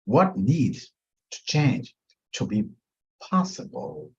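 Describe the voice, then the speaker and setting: A male mediation instructor speaks slowly, letting each point land before moving on. His pitch swings widely as he stresses and repeats key words. The recording sounds dull and lo-fi. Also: very animated, darkish tone. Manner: emphatic, repetitive, drawn-out teaching delivery. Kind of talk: webinar teaching.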